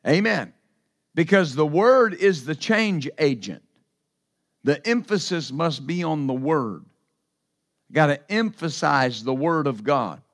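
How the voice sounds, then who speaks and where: A man's voice: on the high side, lively intonation, slow. A man preaching a sermon as pastor, emphatic and repetitive, with asides to the congregation.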